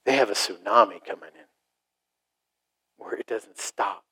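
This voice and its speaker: A middle-aged man preaching a sermon to a congregation, animated, acting out short mocking voices and asides. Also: lowish voice, unhurried, slightly rough, rough recording. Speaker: pastor.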